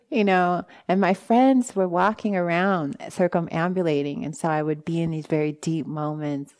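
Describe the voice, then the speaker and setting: Lively woman telling a dharma story. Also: lowish voice, moderate pace, few pauses. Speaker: meditation teacher. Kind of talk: dharma talk.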